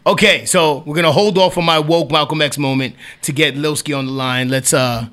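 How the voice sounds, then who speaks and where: A man's voice: a little high, fairly even intonation, fairly quick, fairly bright tone, clean tone. A man from New York co-hosting a podcast, chatting casually and telling stories. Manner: storytelling, laughs easily. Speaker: podcast co-host.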